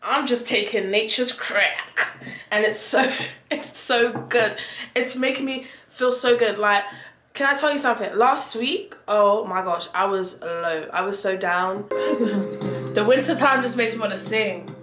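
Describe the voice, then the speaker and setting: A young woman chatting casually in a vlog, playful and quick to laugh. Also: mid-range voice, a bit bright, echoey room, faint music behind. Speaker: vlogger.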